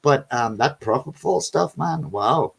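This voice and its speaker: A man's voice: medium pitch, expressive, a little slow, vocal fry, breathy edge. A man hosting a casual video chat, telling rambling stories, swearing freely and calling people buddy and man.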